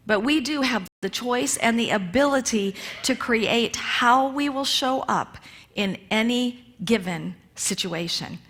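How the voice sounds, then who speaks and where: Woman minister, sermon delivery, fairly high and bright tone, conversational with repeated phrases. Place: church sanctuary.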